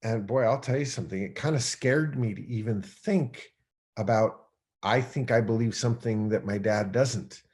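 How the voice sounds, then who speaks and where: A slightly mellow, lowish male voice at normal speed carries a guest's personal story on a podcast. It's casual, conversational storytelling, loose and rambling with lots of fillers, as he acts out the thoughts he once had.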